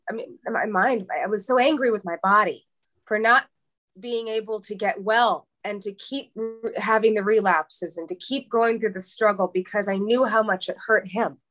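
A woman's voice: mid-range voice, fairly bright tone. A woman in her thirties from New York, speaking as an interview guest in a candid, emotional way, often restarting and repeating words as she searches for what to say. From New York, USA.

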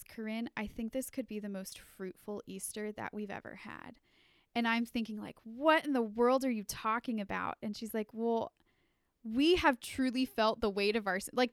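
Smooth-voiced young woman telling a story. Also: a little high, dry recording, studio quality. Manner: animated, filler-heavy, laughing. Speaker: podcast co-host. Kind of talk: casual storytelling chat.

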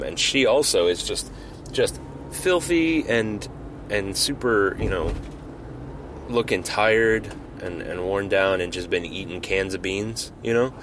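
A man hosting a podcast, telling a silly story in a loose, rambling way with lots of ums and restarts. His voice sits fairly low, and the recording carries clear background noise. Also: fairly bright tone. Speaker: podcast host. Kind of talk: casual comedic storytelling. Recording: noisy home recording.

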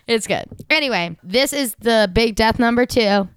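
A woman's voice: on the high side, lively intonation, moderate pace, smooth, no echo, clean studio sound. A young woman in her twenties co-hosting a podcast, gushing about a show in casual chat, full of "like". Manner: bubbly, gushing, heavy use of "like". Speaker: podcast co-host.

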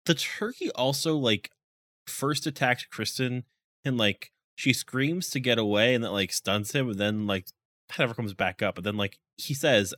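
Bright-voiced man recapping a movie casually. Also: medium pitch, lively intonation, no echo. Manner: rambling, many "like"s, quotes characters in quick voices.

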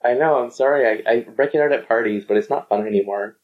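A podcast co-host chatting casually, throwing in jokes and quick apologetic asides. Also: mid-range voice, phone-quality sound. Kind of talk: casual chat.

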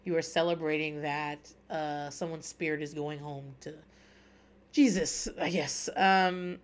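With a low, fairly even, slightly slow voice, a woman in her thirties chats casually on her podcast about a show she's recapping. She's profane, frank, and dryly funny throughout.

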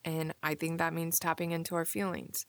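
A young woman hosting a solo podcast, musing casually with many "like"s and soft asides. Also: low voice, flat delivery, moderate pace, no room sound. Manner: casual, musing, filler-heavy with frequent "like". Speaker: podcast host. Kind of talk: reflective solo podcast monologue.

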